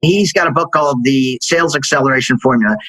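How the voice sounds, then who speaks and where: A man's voice: quick pace, dry recording, low-quality recording. A middle-aged man telling stories as a sales executive guest in an interview, acting out dialogue in a raised voice. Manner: animated, acts out quoted dialogue in a higher voice. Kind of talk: storytelling interview answer.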